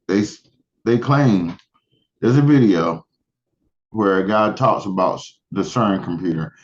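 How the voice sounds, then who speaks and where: Man, podcast co-host, offhand deadpan delivery, dull lo-fi mic. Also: lowish voice. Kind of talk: casual chat.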